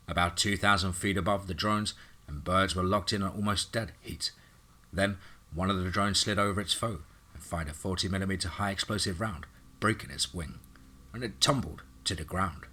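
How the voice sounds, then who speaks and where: A man narrating a horror story in a dramatic, steady way. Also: deep voice.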